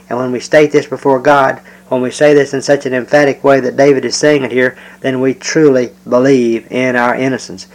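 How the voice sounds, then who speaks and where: Male preacher, mid-range voice, unhurried verse-by-verse teaching with many pauses. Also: mid-range voice, rough recording. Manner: measured, with frequent "uh" pauses.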